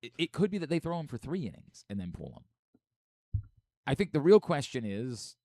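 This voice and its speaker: A hoarse man hosting a sports radio show, chatting casually and joking at his own expense. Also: medium pitch, big pitch swings, normal speed, mellow, no echo, studio quality. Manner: self-mocking, repetitive joking. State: hoarse from singing at a concert.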